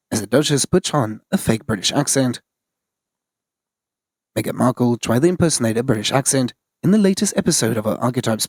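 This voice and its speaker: A man reading scripted news narration in a flat, even delivery. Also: mid-range voice, no room sound.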